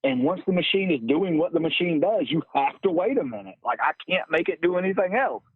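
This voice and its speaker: A male podcast host talks in a loose, profane way, tossing "bro" into nearly every sentence. His pitch swings widely as he gets worked up. The sound is thin and phone-like, with no room echo at all. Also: brisk, breathy edge. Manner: animated, profane, keeps saying "bro". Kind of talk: casual podcast chat. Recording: tinny phone-like dry sound.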